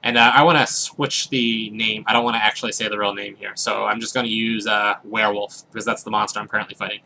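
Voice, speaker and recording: Chatty young man with a bright voice. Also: on the low side, little pitch movement, quick pace, creaky, slight background noise. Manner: rambling, filler-heavy, chatty. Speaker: let's play host. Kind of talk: casual gameplay commentary storytelling.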